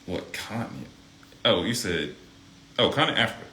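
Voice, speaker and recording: Animated man asking quiz questions. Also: fairly low pitch, normal speed. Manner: animated, joking. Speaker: vlogger co-host, quiz asker. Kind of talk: casual live-stream chat. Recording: echoey room with faint noise.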